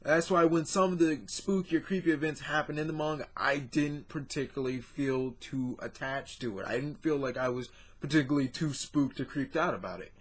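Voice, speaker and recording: A man's voice: a little high, a little fast, few pauses, husky. A man giving a casual spoken review of a manga, blunt, with frequent fillers and restarts, swearing when he gets worked up.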